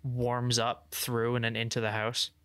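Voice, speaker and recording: A young man co-hosting a casual podcast, rambling with lots of "like" and restarts while explaining things he's excited about. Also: mid-range voice, a little slow, clear, resonant tone, dry recording, clean studio sound. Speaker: podcast co-host. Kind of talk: casual chat.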